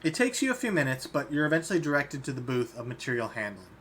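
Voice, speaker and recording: A man's voice: medium pitch, fast talker, slight background noise. Man running a tabletop game. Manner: relaxed, often breaks into laughter. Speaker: game master.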